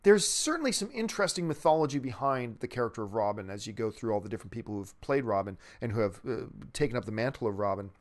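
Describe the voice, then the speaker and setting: A man's voice: mid-range voice, expressive, fast, few pauses. A man hosting a movie news show, chatting casually and enthusiastically in a rambling way as he answers a viewer's question, often restarting his sentences.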